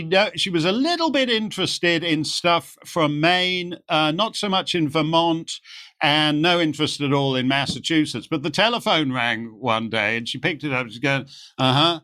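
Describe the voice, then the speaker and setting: A man guest in an interview, telling animated anecdotes and acting out the voices of the people in them. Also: fairly high pitch. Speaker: guest commentator. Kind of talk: storytelling interview chat.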